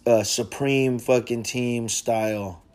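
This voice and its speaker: A man's voice: mid-range voice, steady tone, takes it slowly, darkish tone. A man hosting a casual podcast chat, laid-back and slangy, swearing freely. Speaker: podcast host.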